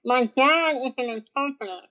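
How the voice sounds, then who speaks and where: A deaf woman chats in a high, lively voice, acting out the voices of the people she talks to. Her speech carries a deaf accent. The recording sounds a little dull and lo-fi. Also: normal speed. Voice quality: deaf speech, uses hearing aid. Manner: animated, laughs often, acts out quotes. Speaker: guest streamer. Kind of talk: casual chat.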